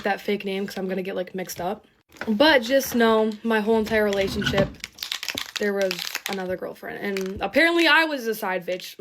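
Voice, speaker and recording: A woman's voice: mid-range voice, background noise. Young woman, casual story time, rambling, venting, swearing. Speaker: TikTok storyteller. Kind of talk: get-ready-with-me story time.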